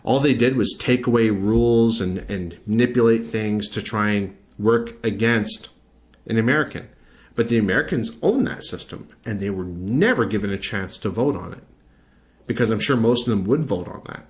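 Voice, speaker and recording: Man from canada, lowish voice, blunt, argumentative, profane vlog rant. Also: normal speed. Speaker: vlogger. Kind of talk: opinionated video rant.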